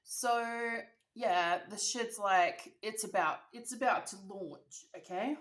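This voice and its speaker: A woman's voice: mid-range voice, takes it slowly, a bit bright. Young aussie girl doing a storytime vlog, dramatic and slangy, roomy echo. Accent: Australian. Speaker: vlogger. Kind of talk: storytime while eating. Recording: echoey room.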